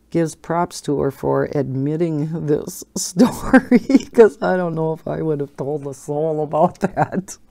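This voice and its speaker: Woman host, casual coloring chat, slow and easygoing, rambling with frequent laughs. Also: low voice, dark tone. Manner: chatty, rambling, laughs often.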